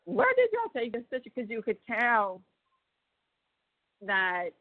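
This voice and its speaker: A woman's voice: a little high, wildly swooping pitch, takes it slowly, no room sound. A woman chatting on a phone call, retelling things in a rambling way with lots of fillers and restarts. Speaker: family member on a prison phone call. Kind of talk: casual phone chat. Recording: tinny prison phone line.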